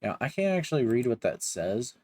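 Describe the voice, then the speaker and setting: A man's voice: mid-range voice, big pitch swings, a little fast, warm tone, dry recording. A young man giving a casual, joking recap of a manga, with slangy asides. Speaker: manga reviewer.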